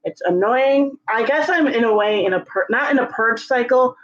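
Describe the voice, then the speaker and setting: A woman with a strained, sick-sounding voice talks casually at home, her speech rambling and full of fillers. Her voice sits a little high, and the recording is dull and lo-fi. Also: animated, moderate pace. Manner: rambling, many fillers, coaxes cat in high sing-song calls. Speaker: vlogger. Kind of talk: casual vlog chat. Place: home closet, indoors.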